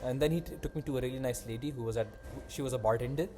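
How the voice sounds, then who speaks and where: A man's voice: medium pitch, racing, soft background music. A young man hosting a podcast, telling a story in casual chat and acting out the voices of people in it. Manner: animated, acts out quoted voices.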